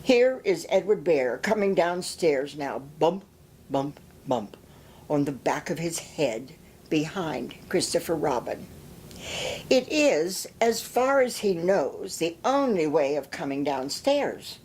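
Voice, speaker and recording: A woman reads a children's story aloud in a lowish voice. She explains things gently and now and then stumbles and restarts. A faint hum sits behind her. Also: big pitch swings, takes it slowly. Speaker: storybook reader.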